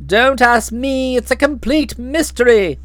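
A woman's voice: fairly high pitch, unhurried, no room sound, natural voice. A woman reading as a bluff, hot-tempered aunt. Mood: grumbling. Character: blustering middle-aged aunt, hearty and explosive. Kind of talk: audiobook reading.

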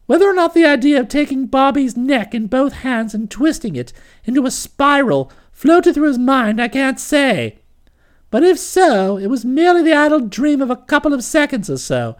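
A woman narrating a comic novel as an audiobook, with expressive, lively storytelling. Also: sits high.

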